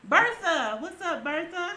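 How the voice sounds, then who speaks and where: A woman, co-hosting a casual livestream chat in a soft-spoken, giggly way. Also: very high-pitched, sing-song, unhurried, echoey room. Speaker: livestream co-host.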